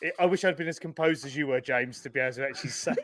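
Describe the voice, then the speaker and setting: A man's voice: on the high side, fast, a bit bright, no room sound. A man co-hosting a podcast in casual chat, telling a story and laughing at himself. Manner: chatty, self-mocking, laughing at himself. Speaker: podcast co-host.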